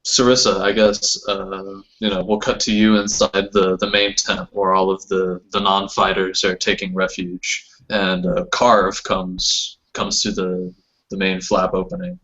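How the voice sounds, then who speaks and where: A man's voice: sits low, flat delivery, measured pace, sharp tone. A man narrating as game master of a tabletop game, rambling with fillers and restarts. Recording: dull lo-fi sound.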